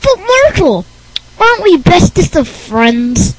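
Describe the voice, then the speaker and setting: Dude doing a squeaky nerdy pest kid, pushy and high, kinda slow. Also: male voice, big pitch swings, full character voice, poor audio. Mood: wheedling. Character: nerdy whiny boy, clingy pest.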